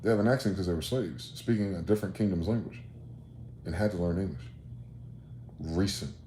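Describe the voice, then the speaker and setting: Guy ranting solo, low mellow voice, lots of rhetorical questions and swearing, roomy echo. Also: a little fast. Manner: rhetorical questions, profane, combative. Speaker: host. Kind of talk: solo rant monologue. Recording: roomy echo, faint background noise.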